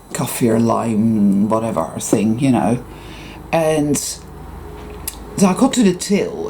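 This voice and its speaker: An English man rants through a casual vlog story, swearing often and mimicking the people he meets. His voice is dark and mellow, yet the pitch swings about freely as he tells it. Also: gravelly, slight background noise. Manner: profane, animated storytelling. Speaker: vlogger. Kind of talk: casual ranting monologue.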